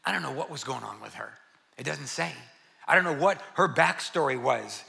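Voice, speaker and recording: A man preaching a sermon to a church congregation, lively and conversational, with rhetorical questions and repeated phrases. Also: mid-range voice, moderate pace, vocal fry. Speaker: pastor.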